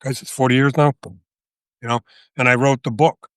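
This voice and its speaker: A man in his sixties, a guest telling a story in a casual interview, animated and profane, often checking with "right?". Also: medium pitch, moderate pace, no room sound, studio quality. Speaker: guest, author and veteran.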